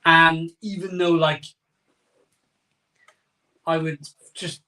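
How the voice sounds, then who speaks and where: A middle-aged man speaks very slowly and flatly, his fairly high voice sounding pushed and bright. Using a phone camera in his home conservatory, he hosts a casual live stream, drowsily joking and reading out what viewers comment.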